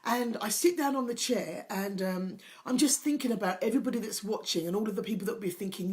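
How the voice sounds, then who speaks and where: A woman's voice: mid-range voice, quick pace, hardly any pauses. A middle-aged woman hosting a motivational talk, earnest and emotional, pressing her points by repeating them. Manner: earnest, emphatic, repeats key phrases; openly emotional, personal. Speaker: host, confidence coach.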